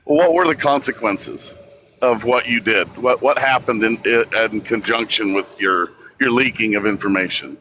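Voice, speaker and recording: A man with a bright, pressing voice reasons through a question, stopping and restarting as he goes. His line sounds dull and lo-fi, with a faint hiss underneath. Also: fairly low pitch. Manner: halting, restarts, thinks aloud. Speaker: guest debater. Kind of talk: casual debate chat.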